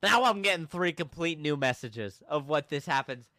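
A man hosting a podcast, telling a story casually and acting out the people in it with shouts and laughs. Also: on the high side, normal speed, no echo. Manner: animated, acts out quoted people with shouts and laughs. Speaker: podcast host.

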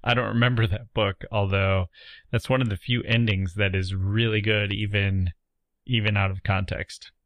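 A man with a fairly low voice talks thoughtfully about books, filling pauses with small "uh"s and "I mean"s. He reads endings of stories aloud. The recording is close and dry. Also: little pitch movement, a bit bright, dry recording. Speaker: podcast co-host. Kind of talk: casual literary chat with read-aloud passages.

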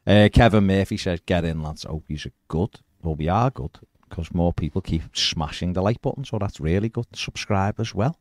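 Podcast co-host, male, very deep voice, relaxed football chatter, dry close sound. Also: normal speed, few pauses, no echo. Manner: chatty, reads out viewer comments. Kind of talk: casual football chat.

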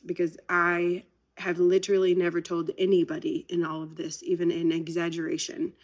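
A woman's voice: fairly low pitch, level tone, fast talker, a bit bright. A woman, chatting casually as host of her own podcast, upbeat and very talkative. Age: 30s. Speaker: podcast host and business owner. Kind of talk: casual chat.

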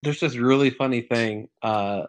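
A man co-hosting a casual gaming podcast, telling stories with squeaky impressions and laughing. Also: unhurried. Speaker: podcast co-host. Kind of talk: casual chat.

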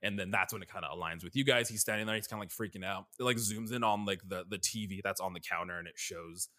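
A low-pitched man with a bright, forward edge to his voice, casually retelling a video game's scenes. He leans on fillers like "like" and acts out the characters' lines as he goes. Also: fast talker. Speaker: podcast co-host. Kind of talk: casual chat recounting a video game.

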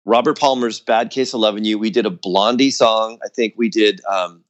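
A man telling a story about his old band in casual chat, acting out quotes in a higher voice, with lots of fillers. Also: fairly even intonation, normal speed, dull audio. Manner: loose and chatty, many fillers like "like" and "you know". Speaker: guest musician.

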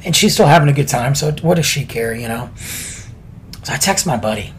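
A man's voice: medium pitch, expressive, fairly quick, slight background noise. A man casually telling a story on a podcast, laid-back and chatty with lots of slang.

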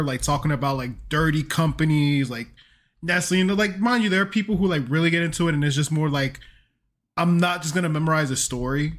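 A man's voice: a little high, a bit bright. A man co-hosting a casual podcast, riffing loosely, swearing and laughing often. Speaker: podcast co-host.

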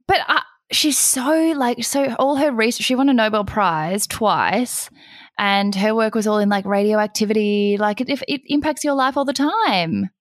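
A woman's voice: a little high, moderate pace, no room sound, studio quality. A young woman hosting a podcast in casual chat. She teases her co-host and giggles a lot. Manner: animated, giggly, teasing.

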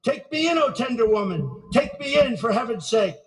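A man voicing a cold, mocking male snake in a recited rally poem, slow and drawn-out. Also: very high-pitched, sing-song, long reverb tail, distant mic, rough recording. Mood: pleading.

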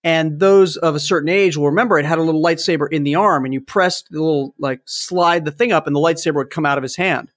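A man in his fifties hosting a podcast, telling childhood stories in a casual, animated way. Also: fairly high pitch, fast, hardly any pauses. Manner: animated storytelling, acts out toy sounds. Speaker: podcast host. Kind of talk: casual chat.

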